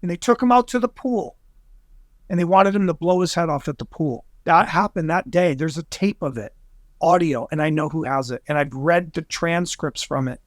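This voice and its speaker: Excitable rambling man, dry sound. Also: a little high, normal speed, no echo. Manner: excitable, rambling, acts out quoted voices. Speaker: guest investigator. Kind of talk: animated storytelling in conversation.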